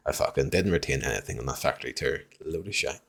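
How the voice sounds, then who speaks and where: A man streaming a game live, chatting with viewers, swearing freely and reacting loudly to what happens on screen. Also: a bass voice, expressive, fast, creaky. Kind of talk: live gameplay commentary.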